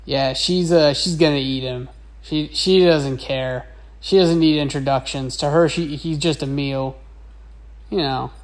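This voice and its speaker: A woman's voice: sits low, steady tone, a little slow. A woman teacher narrating a casual drawing lesson in a chatty, rambling way. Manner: chatty, rambling, with many fillers.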